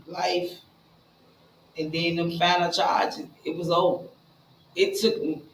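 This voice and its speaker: A woman telling her own story in a casual, blunt and profane way, talking straight to her listeners and jumping between hushed asides and loud bursts. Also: lowish voice, a little hiss or hum. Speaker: speaker sharing a recovery story. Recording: roomy echo with faint ambience.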